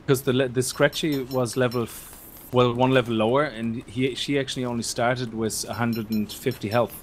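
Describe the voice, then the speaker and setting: A man hosting a multiplayer let's play, talking casually at a mid pitch. He walks through game mechanics calmly, with faint noise behind him. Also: moderate pace. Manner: explaining game mechanics in a relaxed way. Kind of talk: casual gameplay chat.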